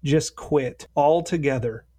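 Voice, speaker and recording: A man co-hosting a podcast, giving mock-serious advice in a deadpan way. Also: on the high side, slow pace. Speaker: podcast co-host. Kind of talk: bantering podcast chat.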